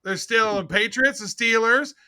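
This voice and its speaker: A man with a high, very bright voice talks sports on a podcast. He is excitable and casual and keeps saying "dude". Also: moderate pace. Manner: excitable, says dude a lot. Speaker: podcast co-host.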